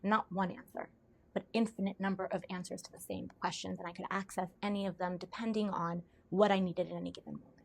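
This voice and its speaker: A woman, a podcast guest, telling personal stories in conversation, animated and laughing often. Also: lowish voice, fast, gravelly. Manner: animated storyteller, laughs often, acts out quoted voices. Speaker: podcast guest, intuitive guide. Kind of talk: storytelling in conversation.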